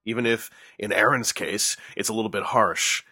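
A man's voice: on the low side, normal speed, bright, forceful tone, no room sound, studio quality. A man hosting a podcast in casual chat, joking and teasing his co-host in a showman-like way.

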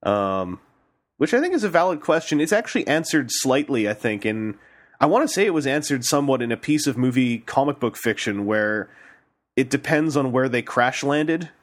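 A man's voice: mid-range voice, animated, moderate pace. A man hosting a casual podcast, jokey and playful as he reads listener questions aloud. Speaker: podcast host.

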